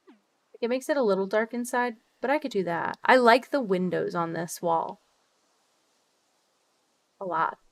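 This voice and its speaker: A chatty young woman streaming a cozy game, reading out her chat and reacting with quick bursts of excitement. She swears casually and keeps up a running stream of talk. Her voice sits at a middle pitch. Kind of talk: casual live-stream chat while gaming.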